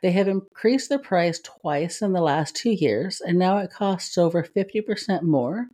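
Chatty lower-voiced woman podcast co-host. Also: lively intonation, a little slow, warm tone. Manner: chatty, laughs easily. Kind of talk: casual chat and story reading.

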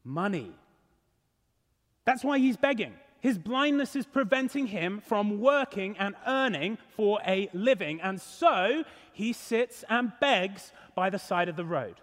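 A man's voice: sits high, animated, measured pace, a bit bright, in a large hall. A male pastor preaching a sermon in a church, earnest and emphatic. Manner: earnest, emphatic, rising and falling.

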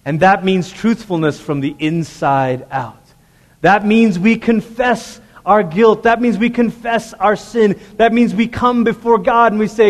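High-voiced pastor preaching in a reverberant hall. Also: male voice, fairly even intonation, a little slow. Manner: conversational, earnest preaching with direct questions to the congregation. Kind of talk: sermon. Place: church sanctuary with a congregation. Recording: long reverb of a large hall.

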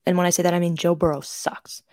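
A woman's voice: lowish voice, flat delivery, fast talker, a little mellow, no room sound, clean studio sound. A young woman co-hosting a podcast, telling rambling stories in casual chat with lots of fillers and restarts. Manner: chatty storyteller with many fillers and restarts. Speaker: podcast co-host.

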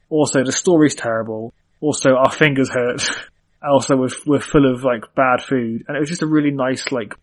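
A young man from Ireland, chatting casually on a podcast and rambling with lots of fillers. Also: medium pitch. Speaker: podcast co-host. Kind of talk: casual chat.

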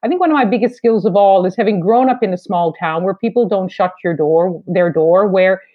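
A woman in her fifties from eastern Canada, a foreign correspondent with a Canadian accent, speaking in a measured, wry, reflective way in an interview. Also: mid-range voice. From New Brunswick, Canada. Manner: measured, wry, deliberate phrasing. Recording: slightly dull lo-fi sound.

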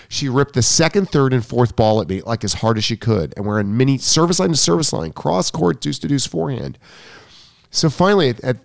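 A tennis coach telling a story, dry sound. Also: male voice, mid-range voice, brisk, vocal fry, dry recording. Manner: animated storytelling, acts out quotes. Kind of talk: casual podcast chat.

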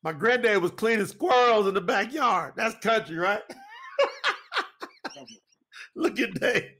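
Animated preacher man. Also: high voice, measured pace. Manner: animated, folksy, repetitive. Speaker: preacher and co-host. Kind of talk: preaching talk to an audience.

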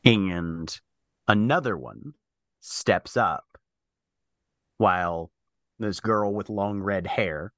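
Man, game master, slow deliberate narration, lowish voice, dry close sound, halting with fillers. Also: expressive, a bit bright, no echo.

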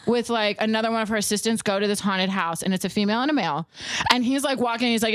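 A woman's voice: fairly high pitch, fairly quick, no echo. A young woman co-hosting a casual podcast, telling stories and acting out the voices of people in them. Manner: animated, acts out voices in stories. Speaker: podcast co-host.

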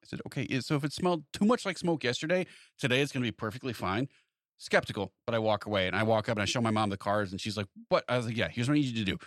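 A man's voice: medium pitch, racing, no room sound, clean studio sound. A man chatting casually, telling a long anecdote and acting out both sides of the conversations in it. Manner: animated anecdote-telling, acts out quoted exchanges. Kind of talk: casual chat.

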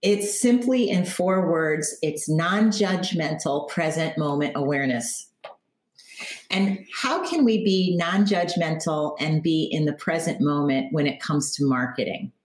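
A woman with a notably low voice talks as an interview guest, calm and reflective as she tells her stories. Her voice carries a clear room echo. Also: a little slow. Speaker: author and marketing guest. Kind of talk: interview answers.

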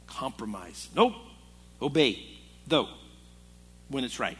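A man's voice: medium pitch, expressive, moderate pace, fairly bright tone, slightly rough. A male pastor preaching to a men's Bible study in a conversational, storytelling way. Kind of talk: sermon. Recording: long hall reverb.

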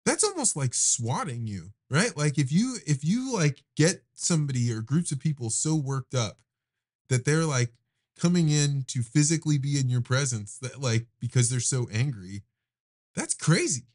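A man's voice: medium pitch, lively intonation, moderate pace, darkish tone. A man hosting a podcast who talks casually and thoughtfully, building his points through acted-out quotes. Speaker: podcast host. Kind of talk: casual conversation.

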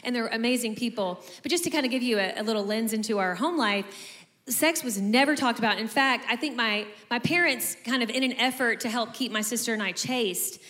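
A woman in her forties with a slightly high voice, talking quickly and chattily. She keeps her sentences loose and conversational. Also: pushed and bright, big-room sound. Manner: chatty, with frequent "like" and "you know". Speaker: co-host. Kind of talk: casual conversation.

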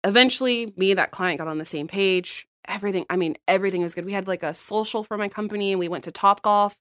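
A woman in her thirties from the United States, a podcast guest telling a work story in casual chat, blunt and lively, laughing often. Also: medium pitch, fast talker, dry recording, studio quality. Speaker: podcast guest, account manager.

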